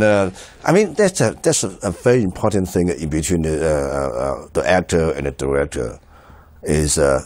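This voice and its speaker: Deep-voiced man, halting commentary. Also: a little mellow, no echo. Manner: halting, many fillers and restarts, chuckles often. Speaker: film director. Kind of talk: film commentary, recalling a shoot.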